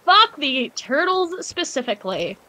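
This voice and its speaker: A woman playing a co-op game as a guest, playful and quick to giggle. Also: high-pitched, big pitch swings, bright, forceful tone. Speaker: co-op gaming guest. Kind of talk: casual multiplayer gameplay commentary.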